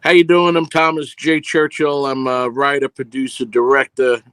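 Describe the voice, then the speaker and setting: A man with a New York accent, a film producer guest on a video call, speaking in a measured way with many pauses and uh's. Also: medium pitch, flat delivery, a bit bright, clean tone, no room sound. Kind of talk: casual interview chat.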